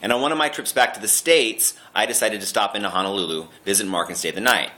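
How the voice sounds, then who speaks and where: Deadpan man roasting a friend. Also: fairly low pitch, fast. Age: 30s. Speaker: friend giving a birthday toast. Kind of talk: comic roast toast.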